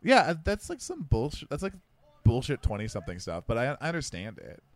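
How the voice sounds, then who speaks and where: A man chatting casually about movies, talking fast, self-deprecating, tripping over quick restarts. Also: mid-range voice, wildly swooping pitch. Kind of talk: casual movie-watching chat.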